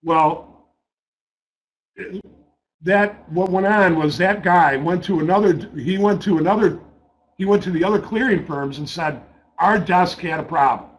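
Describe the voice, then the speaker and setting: A man's voice: sits high, unhurried, pauses often, poor audio. Blunt, swearing male trader telling a story. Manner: blunt and profane, repeats words when worked up. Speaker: trader recounting a trading-desk story. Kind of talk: casual spoken storytelling.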